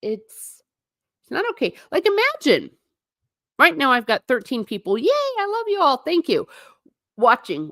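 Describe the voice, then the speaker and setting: A woman hosting a casual livestream, rambling in an animated way and talking straight to her viewers in chat. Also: high voice, unhurried, pauses often, dry recording, clean studio sound. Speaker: livestream host.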